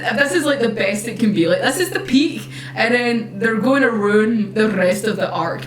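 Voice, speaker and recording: A woman's voice: sits high, a bit bright, a little hiss or hum. A young woman gushing over an anime episode. She rambles, swears freely and keeps breaking into laughter. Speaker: anime reviewer. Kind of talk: excited episode discussion.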